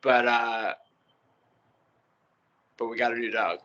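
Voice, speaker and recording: Relaxed, joking man guest. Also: medium pitch, slow pace, dull audio. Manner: relaxed, joking, with many fillers. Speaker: actor, guest. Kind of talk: casual interview chat.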